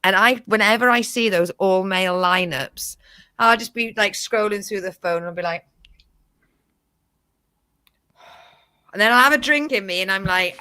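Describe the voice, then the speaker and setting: A woman co-hosting a podcast who tells stories about herself in an animated, self-mocking way. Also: mid-range voice, a little slow, long pauses, clean tone, dry recording. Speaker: comedian co-host. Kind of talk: casual podcast chat.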